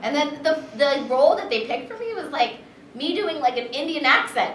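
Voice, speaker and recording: Heavy background noise surrounds a woman's high, sing-song voice, delivered at a moderate pace. She's a voice actress and director telling stories in a convention panel interview, filling her chatty speech with fillers and animatedly reliving what happened. The room echoes, the mic is distant, and people chatter in the background.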